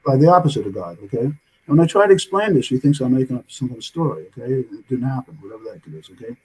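Older guy rambling through a story, keeps saying okay, kinda husky dark voice. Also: mid-range voice, animated, racing, poor audio. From United States. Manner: rambling, tags many sentences with "okay?". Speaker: author, interview guest. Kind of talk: casual storytelling in an interview.

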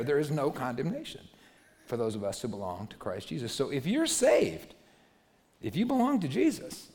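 A man preaching to a young congregation, animated, swinging between loud emphasis and quiet asides. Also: mid-range voice. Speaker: youth pastor. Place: church hall. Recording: long hall reverb.

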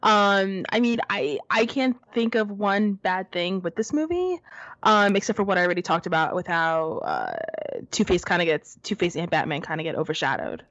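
A woman with a lowish voice chats about a film, easing into her points with small restarts. The sound is dry and slightly muffled. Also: sing-song, moderate pace, a bit bright, dry recording. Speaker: podcast co-host. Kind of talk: casual movie discussion.

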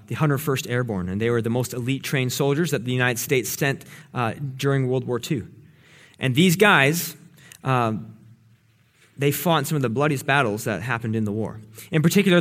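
A man's voice: medium pitch, a bit bright. A young man preaching a casual, storytelling sermon to young adults, with lots of fillers and restarts as he builds toward a challenge. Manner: conversational, fillers and repeated words, builds to exhortation.

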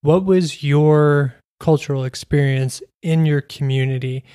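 A man hosting an interview, asking follow-up questions and giving steady "mm-hmm" responses. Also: on the high side, unhurried, clean tone, no echo, clean studio sound. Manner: attentive, prompting questions with steady back-channel responses. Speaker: interviewer, host. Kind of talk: casual conversational interview.

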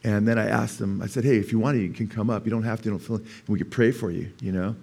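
A male pastor giving a sermon, telling a story in an animated way and rising to emphatic preaching, with calls of "amen?" to the congregation. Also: lowish voice, fast, vocal fry, husky. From California.

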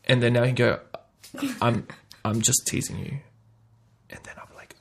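A man with a gravelly, husky voice hosts a casual podcast chat. He acts out little scenes playfully, jumping between hushed asides and loud bursts. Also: medium pitch, brisk. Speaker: podcast host.

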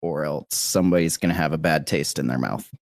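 A man's voice: a bass voice, fairly quick, dry recording. A man in a casual online chat, cracking crude jokes. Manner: wisecracking, crude.

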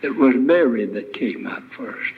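A man's voice: medium pitch, expressive, unhurried, a little hiss or hum. A man preaching a sermon as guest speaker, retelling scripture with emphatic rhetorical questions. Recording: tinny, phone-like lo-fi recording.

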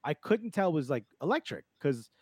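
A man tells stories as a comedian in a relaxed podcast chat. His voice sits a bit high for a man and he acts out both sides of each exchange, laughing as he goes. The sound is dry and close. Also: moderate pace, breathy edge, dry recording. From New York. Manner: animated storyteller, acts out dialogue, laughs often. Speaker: comedian guest.

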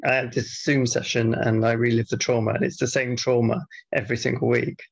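Gravelly deadpan male podcast co-host. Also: mid-range voice, fairly quick. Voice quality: gravelly, husky. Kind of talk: casual podcast banter with mock-formal readout. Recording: dull lo-fi podcast audio.

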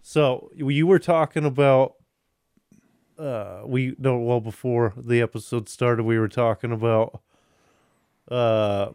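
A man's voice: medium pitch, fairly even intonation, takes it slowly, darkish tone, smooth, no echo, studio quality. A man hosting a podcast, chatting casually, rambling, swearing and restarting often. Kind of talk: casual chat.

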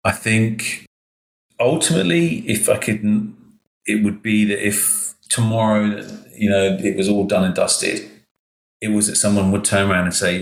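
A man, an education consultant telling stories in a podcast interview, animated and acting out the dialogue. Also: fairly low pitch, measured pace, gravelly, reverberant, poor audio. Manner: animated, emotional storytelling, acts out quoted dialogue.

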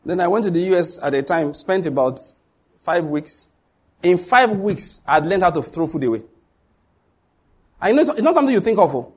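A middle-aged man, preaching a sermon in an animated storytelling way. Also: high voice, moderate pace, pauses often, slightly rough. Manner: storytelling, animated, with sudden loud acted outbursts. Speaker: pastor.

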